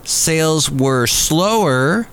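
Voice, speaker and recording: A man's voice: on the high side, animated, very slow, a bit bright, slight background noise. A man hosting a podcast, talking through the week's news in a casual, conversational way. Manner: chatty, conversational storytelling. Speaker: podcast host. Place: cafe.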